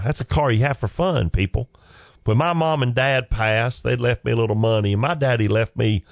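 A middle-aged man with a fairly low voice tells stories in a folksy, joking way. He is recorded close and dry, with no room sound. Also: no echo. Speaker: comedian and former pastor. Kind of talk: storytelling talk.

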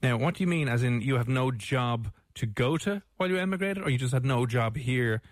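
A man's voice: mid-range voice, expressive, a little fast, no echo, clean studio sound. A young Irish man hosting a radio show, chatting casually and teasing his co-host. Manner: teasing, jokey. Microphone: studio microphone.

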